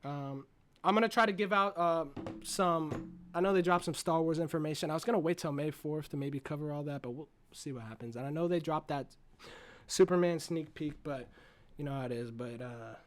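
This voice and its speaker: Young guy, fairly high voice, swears nonstop, rambling and fired-up vlog reviewer. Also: brisk. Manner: excitable, profane, rambling retelling. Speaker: movie reviewer. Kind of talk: casual movie review vlog.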